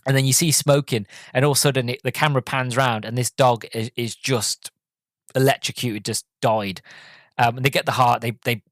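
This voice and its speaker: A man's voice: mid-range voice, fairly even intonation, a little fast, no room sound. A man hosting a podcast, giving a casual, enthusiastic movie review full of fillers and restarts. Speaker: podcast host.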